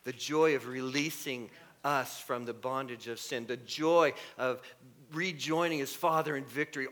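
Middle-aged guy preaching, bright tone, fired up, mocks whiny voices then gets loud. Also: mid-range voice. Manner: animated, mocking put-on voices, sudden loud bursts. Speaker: pastor. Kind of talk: sermon.

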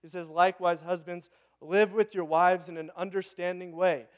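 A man's voice: sits high, little pitch movement, moderate pace. A man in his thirties with a Pacific Northwest American accent, preaching a conversational sermon and asking the congregation questions. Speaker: pastor.

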